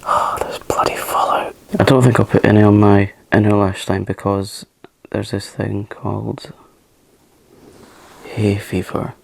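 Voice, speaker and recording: Gravelly man, soft-spoken makeup chat. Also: on the low side, little pitch movement, measured pace, long pauses. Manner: chatty, self-mocking, drifts into whispers. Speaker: makeup channel host.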